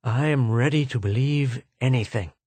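A man's voice: mid-range voice, normal speed, darkish tone, breathy edge, dry recording, natural voice. A man voicing a bitter, weary older man in an audiobook, speaking miserably. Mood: miserable.

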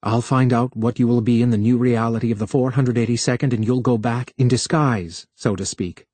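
Guy doing an intense secretive tech man, pleading, low and soft, dark husky voice. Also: fairly even intonation, fairly quick, no room sound, lightly acted. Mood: urgent. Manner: pleading, insistent. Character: earnest male technician, intense and secretive.

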